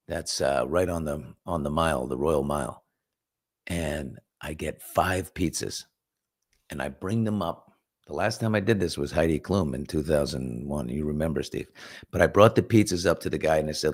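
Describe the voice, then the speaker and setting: Man, middle-aged, talk host, lower voice, animated storyteller, casual chat. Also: normal speed. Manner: animated storyteller, acts out quotes and whispers. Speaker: morning show host.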